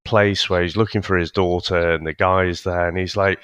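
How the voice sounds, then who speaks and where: A man with a fairly low voice talks through his thoughts slowly, hedging, sighing and restarting his sentences. The sound is dry and close to the mic. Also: flat delivery, fairly bright tone, clean tone, no room sound. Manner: halting, hedging, with sighs and restarts. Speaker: podcast co-host reviewing films. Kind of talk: casual chat.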